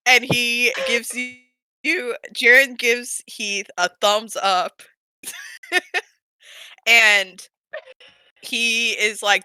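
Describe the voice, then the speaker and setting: A woman playing a role-play game, telling what her character does in a halting, giggly way. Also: a little high, flat delivery, bright, forceful tone, smooth, dry recording, rough recording. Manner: giggly, halting, full of fillers. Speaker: player. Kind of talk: tabletop role-play storytelling.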